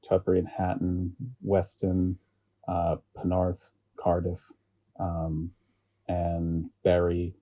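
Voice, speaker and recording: Dark-voiced American man, rambling. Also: low-pitched, lo-fi sound. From United States. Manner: rambling, halting, laughs often. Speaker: podcast guest, collector. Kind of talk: casual chat.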